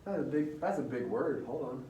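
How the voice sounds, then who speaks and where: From across an echoey classroom, a man lectures in a conversational way, quizzing students with questions. His medium-pitched voice has lively intonation and a dark tone at normal speed, and the roomy, distant audio has its highs cut off plus a little hiss or hum.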